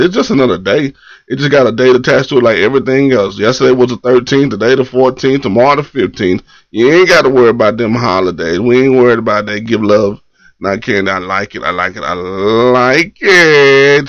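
A man's voice: mid-range voice, gravelly, no room sound. A man hosting a morning poetry live stream, chatting casually and loosely with slang, greeting viewers and reading their comments. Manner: laid-back, loose slang, repeats phrases. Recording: dull lo-fi live stream audio.

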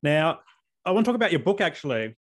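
A man in his thirties from South Australia with an Australian accent, hosting a podcast interview in an earnest, open way with halting restarts. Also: fairly high pitch, very animated, a bit bright. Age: 30s. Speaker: podcast host. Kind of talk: casual interview chat.

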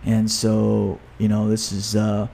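A man who coaches fitness and runs a gym, talking in a casual podcast chat. He talks in an upbeat way, with quick runs full of fillers. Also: lowish voice, completely flat delivery, gravelly, dark tone. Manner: upbeat, talks fast with many fillers, reads aloud from his own book.

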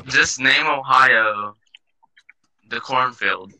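Mocking man from Oklahoma, voice-chat jokester, mid pitch, very sharp tone. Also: very slow, dry recording, low-quality recording. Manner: blunt, mocking one-liners. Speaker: chat participant. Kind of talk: casual online voice chat.

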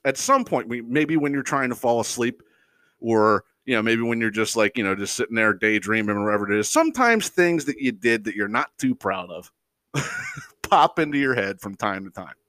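Lively, foul-mouthed man ranting. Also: mid-range voice, dry recording. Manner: profane, exasperated, mocks people in quick impressions; rambling, unscripted, frequent fillers and chuckles. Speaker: podcast host. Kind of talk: casual comedic rant.

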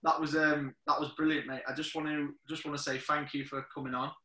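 A man's voice: fairly high pitch, flat delivery, brisk, bright, forceful tone. A man hosting a casual podcast, hesitant and laughing, with many ums. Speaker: podcast host. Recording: roomy echoey room.

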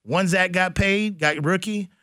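A man hosting a sports radio show, talking in a blunt, animated, slangy way about football news. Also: high voice, a little slow, no echo, studio quality. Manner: animated, blunt, slangy, does mock voices. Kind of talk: casual sports talk.

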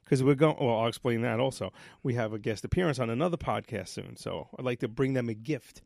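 A man co-hosting a podcast, telling a story in a profane, animated rant. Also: mid-range voice, fairly quick, gravelly, no echo. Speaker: podcast co-host. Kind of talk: casual ranting chat.

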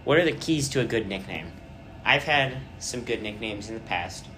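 A young man hosting a casual podcast chat, rambling through stories and trailing off quietly at the ends of thoughts. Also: lowish voice, lively intonation, normal speed, faint music behind. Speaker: podcast host.

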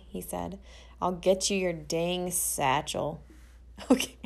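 A woman telling a personal story about her brother, playful and lively, acting out the dialogue. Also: lowish voice, creaky.

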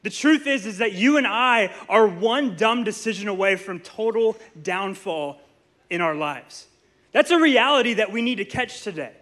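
Bright-voiced preacher telling a lively story. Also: male voice, sits high, moderate pace. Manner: animated storytelling, playful asides. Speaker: pastor. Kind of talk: sermon. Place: church sanctuary.

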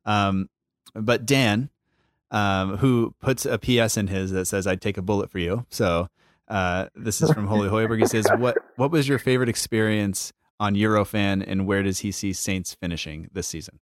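A man hosting a podcast, reading out listener questions in a soft, hesitant way. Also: on the low side, moderate pace, no echo, studio quality. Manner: hesitant, many fillers, soft and quiet. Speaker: podcast host.

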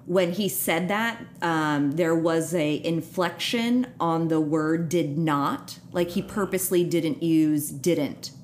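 A young woman hosting a podcast in casual chat, animated and profane, laughing often. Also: low voice, slow pace, hardly any pauses, a little hiss or hum. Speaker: podcast host.

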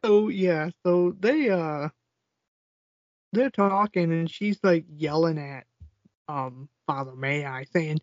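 A man's voice: a little high, slow pace, dry recording. Guy on a podcast recapping a movie, laughing a lot, kinda lo-fi dry sound. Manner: retells scenes quoting lines, laughs often. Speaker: podcast co-host. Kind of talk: casual movie recap chat. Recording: dull lo-fi sound.

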